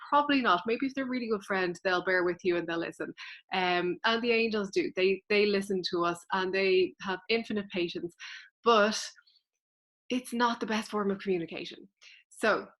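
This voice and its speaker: Lady teaching to camera, earnest and chatty, middle pitch, just explaining things. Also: normal speed, a bit bright. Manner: earnest, explanatory, speaks straight to the viewer. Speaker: spiritual teacher. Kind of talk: casual teaching vlog.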